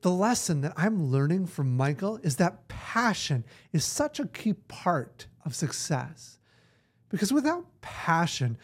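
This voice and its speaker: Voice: medium pitch, darkish tone, slightly rough. A narrator reflecting thoughtfully on lessons from the story.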